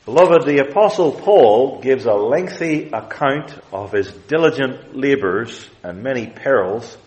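Man, sermon, slow deliberate delivery, animated rising and falling pitch, emphatic. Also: low-quality recording. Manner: deliberate, emphatic expository preaching; quotes scripture in King James wording. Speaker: preacher.

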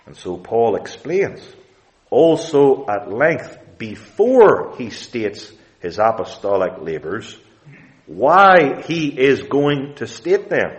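A man preaching a sermon, expounding scripture with deliberate emphasis and quoting King James wording. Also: mid-range voice, rough recording.

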